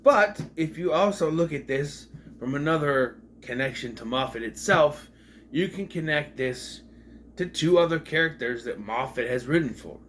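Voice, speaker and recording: A man's voice: a little high, lively intonation, normal speed, a bit bright, slight background noise. A man giving a casual, rambling retrospective of a TV episode at home, with jokey asides. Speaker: video reviewer.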